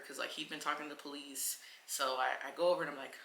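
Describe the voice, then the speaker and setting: A woman vlogger telling a personal story in a casual, animated way, full of filler words. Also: low voice, fast, roomy sound, slight background noise. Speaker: travel vlogger.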